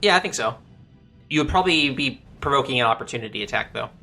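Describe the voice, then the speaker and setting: A man running a tabletop game as dungeon master, narrating the action and reading rules aloud in a steady, explanatory way. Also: mid-range voice, fast, creaky, faint music behind.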